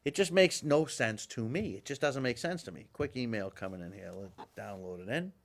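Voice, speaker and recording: A man hosting a live political talk show, ranting in an animated, exasperated way with frequent restarts. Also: mid-range voice, brisk. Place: live studio with guests.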